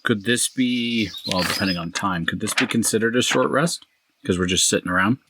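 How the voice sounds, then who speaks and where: Deep-voiced man, tabletop player. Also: brisk, background noise. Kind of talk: casual tabletop play.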